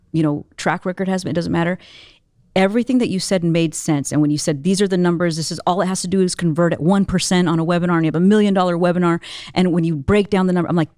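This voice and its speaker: A woman's voice: on the low side, dark tone, no room sound, studio quality. A young woman talking as an entrepreneur guest in a casual interview, telling her story earnestly and with animation, full of little fillers.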